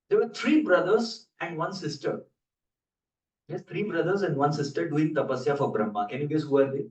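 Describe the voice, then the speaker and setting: A man with a fairly high voice gives a scripture class as a sermon, telling stories and tossing playful, joking asides to his audience. The audio is dull, and he's heard from a distance in a roomy hall.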